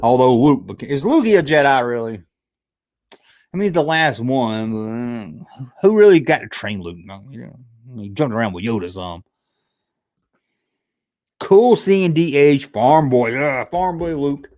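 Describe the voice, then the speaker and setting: Hosting a laid-back livestream, a man reads the chat aloud, cracks jokes, and yawns every so often because he is sleepy. His medium-pitched voice moves at a measured pace with long pauses. This YouTube host is chatty and gives animated retellings.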